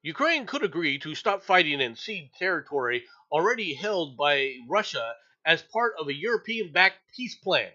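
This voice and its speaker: Male news-commentary host, high and sharply bright voice, profane angry rant, stammering restarts, dull lo-fi audio. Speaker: show host.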